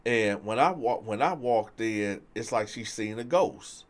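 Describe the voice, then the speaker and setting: A man telling a story in a casual, animated way, acting out the quotes and asking "right?" often. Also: fairly low pitch, measured pace. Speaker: storyteller host.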